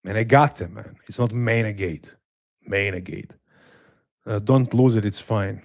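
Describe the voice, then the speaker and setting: A man with a Slavic accent hosting a live watch-along stream, reading chat aloud and answering in a relaxed, hesitant, self-deprecating way with dry humor. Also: lowish voice, normal speed, dry recording. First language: a Slavic language. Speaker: livestream host reading chat.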